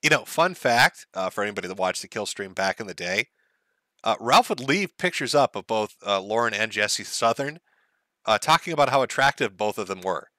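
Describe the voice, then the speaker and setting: Male streamer host, sarcastic and mocking, bright lively voice, dry close sound. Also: fairly low pitch, normal speed, no room sound. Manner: mocking, deadpan sarcasm with laughs.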